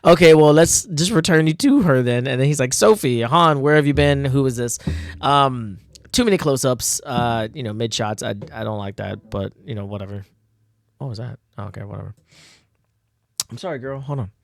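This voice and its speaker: A man's voice: mid-range voice, normal speed, creaky, dry recording. A man casually reading through his own old comic, laughing a lot and poking fun at himself with many fillers. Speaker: comic artist reviewing own old work.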